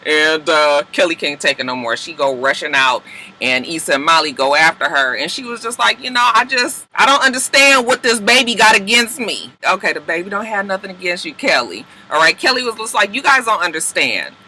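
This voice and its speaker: A man giving a casual, profane TV episode recap, acting out the characters' lines in quick asides. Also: high-pitched, expressive, bright, forceful tone. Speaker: TV recap reviewer.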